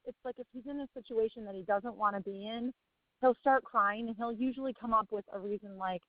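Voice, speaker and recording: A woman's voice: on the high side, brisk, no echo, phone-quality sound. A woman in her thirties, a parent asking for advice, rambling and laughing as she hunts for words. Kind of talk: casual chat.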